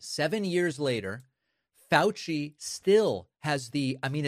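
A man's voice: mid-range voice, dry recording, clean studio sound. A man hosting political commentary, scornful and sarcastic as he introduces and mocks clips. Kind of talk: opinionated commentary.

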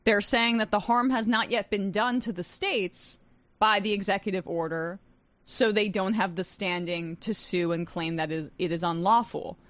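Her voice is medium-pitched, a bit bright and steady in tone, with no echo. A young adult woman sitting in as news talk show host, she reads headlines and comments wryly and sarcastically, quick to laugh.

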